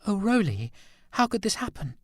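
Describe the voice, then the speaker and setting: A man voicing a tender, anxious young woman sculptress in a raised, soft voice. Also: sits high, very animated, normal speed, dry recording, studio quality, voice pushed up. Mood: distressed.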